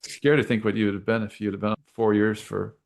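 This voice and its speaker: A man's voice: fairly low pitch, level tone, creaky. A man hosting a podcast who chats casually, agreeing and sharing his own experience as a former punter. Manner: quick, repeats phrases, relatable and agreeing. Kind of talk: casual conversation.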